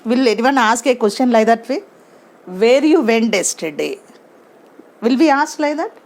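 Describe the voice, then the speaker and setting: A woman's voice: a little high, expressive, a little mellow. A woman teaching grammar to her class, speaking, stressing words and asking the class questions. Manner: slow, emphatic, asks the class questions. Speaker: English teacher.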